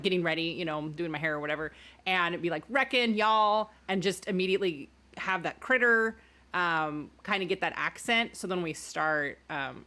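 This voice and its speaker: A woman co-hosting a podcast in casual chat, relaxed and often searching for words. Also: fairly low pitch. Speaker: podcast co-host. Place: in-person studio recording.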